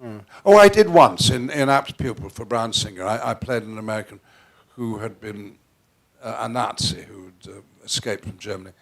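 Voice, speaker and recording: With a lowish, animated voice and some vocal fry at normal speed, an older actor from the northwest of England chats in an onstage interview in front of a theatre audience. His Received Pronunciation has faint northern traces, and he's theatrical and playful, restarting frequently and swinging between quiet and loud.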